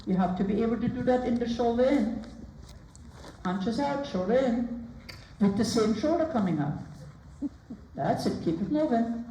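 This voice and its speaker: A woman's voice: on the high side, expressive, dark tone, slight background noise. Woman coaching a rider from across an arena. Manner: brisk repeated commands and counting. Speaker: riding instructor. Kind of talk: live coaching during a riding lesson. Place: riding arena. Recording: roomy, distant sound with faint ambience.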